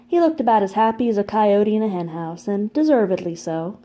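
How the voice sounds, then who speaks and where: A woman narrating a fantasy novel chapter in a measured, even storybook reading. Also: medium pitch. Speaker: audiobook narrator. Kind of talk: scripted narration.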